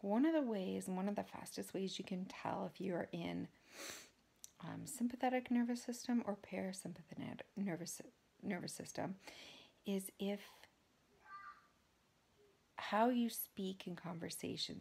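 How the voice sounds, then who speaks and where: Husky woman coaching about calm speech. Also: mid-range voice. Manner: shifts into soft slow whispers to demonstrate calm speech. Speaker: wellness coach. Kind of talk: instructional talk to camera.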